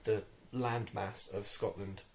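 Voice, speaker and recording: A man's voice: on the low side, steady tone, takes it slowly, creaky, slight background noise. A young man with an English accent, ranting to camera in a vlog, irritated and rambling with many ums and restarts. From England. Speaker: vlogger.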